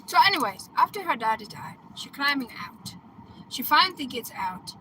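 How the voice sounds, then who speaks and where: A woman with a bright, forceful voice tells a film plot casually, bursting into loud exclamations and laughter. She talks in a chatty way, often checking in with "right?" and "okay?". There is faint noise behind her. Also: sits high, big pitch swings, normal speed, low-quality recording. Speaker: coach.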